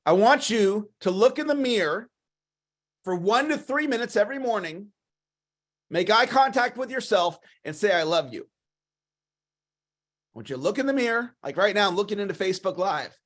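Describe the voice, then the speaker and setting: Man, motivational livestream talk, high voice, enthusiastic, repeats himself, clears his throat. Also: lively intonation, moderate pace, pauses often, fairly bright tone. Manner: enthusiastic, repetitive, coaching. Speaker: sales coach.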